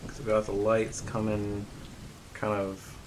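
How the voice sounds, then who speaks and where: A man hosting a live painting stream, chatting casually and rambling with many fillers, in a fairly even tone. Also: fairly low pitch, a little slow, noisy background. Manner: says his voice rarely goes up or down.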